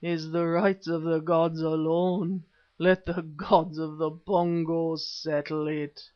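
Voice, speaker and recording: Man doing a menacing ancient half-human wizard-priest, rumbling, slow, higher-pitched, dull lo-fi recording. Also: flat delivery. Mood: commanding. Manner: slow rumbling threatening speech. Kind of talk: audiobook character reading.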